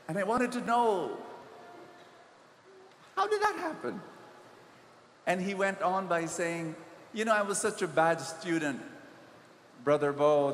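A man's voice: fairly high pitch, a bit bright, slight background noise. A man with a Filipino accent preaching a sermon, telling a story and pleading, rising to emphatic peaks. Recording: echoey hall, faint ambience.

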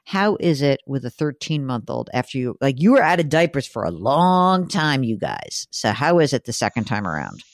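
A woman's voice: a bass voice, sing-song, moderate pace, few pauses, dry recording, clean studio sound. A woman hosting a radio call-in show, chatty and joking with callers. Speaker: host.

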